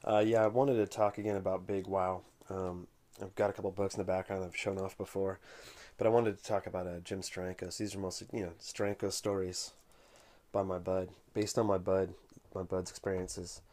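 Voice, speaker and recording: Casual male vlogger, lowish dark voice, rambling storyteller. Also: flat delivery. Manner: unhurried, conversational storytelling. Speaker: comic collector vlogger.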